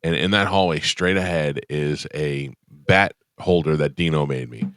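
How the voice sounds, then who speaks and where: A man's voice: very deep voice, normal speed, fairly bright tone, dry recording. A man hosting a radio show in the studio, chatting casually and telling rambling stories with lots of fillers. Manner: rambling storyteller, trails off with fillers. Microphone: studio microphone.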